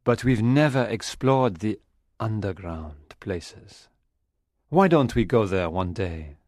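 A man's voice: lowish voice, lively intonation, takes it slowly, a little mellow, dry recording, clean studio sound. A man voicing an earnest young man in love who urges and reassures, as an audiobook character voice. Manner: earnest, urging.

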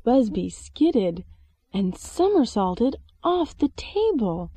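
A woman, an English teacher reading a storybook aloud with expressive sound words. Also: mid-range voice, slow pace, slight background noise. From China. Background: soft music.

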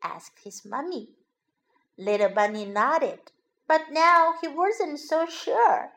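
A woman narrating a children's story in a slow, lilting, expressive way. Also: on the high side.

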